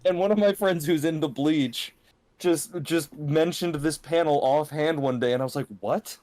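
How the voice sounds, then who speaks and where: A man in casual podcast chat, telling anecdotes in a relaxed, chatty way. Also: a little high, moderate pace.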